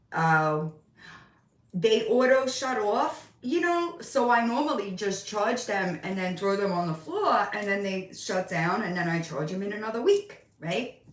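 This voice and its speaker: A middle-aged woman talks her way through a relaxed home live stream, unhurried and meandering. Her voice sits back from the microphone, and the room around her rings with echo. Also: medium pitch, distant mic. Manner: chatty, rambling, talks to her cats in baby voice. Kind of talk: casual live-stream chat. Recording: roomy sound, voice off from the mic.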